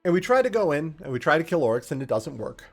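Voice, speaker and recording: A man streaming a joking, profane recap of a video game's story, in a lively, animated way. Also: a little high, quick pace, faint music behind. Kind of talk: comedic game-lore recap.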